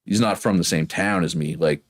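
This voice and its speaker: Deep-voiced man from Prince Edward Island. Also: moderate pace. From Prince Edward Island, Canada. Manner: rambling, chatty, reads chat aloud. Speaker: game streamer. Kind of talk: casual live-stream chat.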